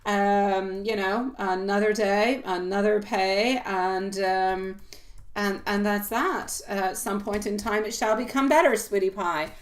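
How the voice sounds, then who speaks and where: A woman hosting a live tarot reading, talking casually and warmly to viewers and calling them sweetie pie, with many fillers and frequent laughs. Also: mid-range voice, fairly even intonation, measured pace. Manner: chatty and affectionate, calls viewers sweetie pie; laughs often, loose rambling talk with fillers.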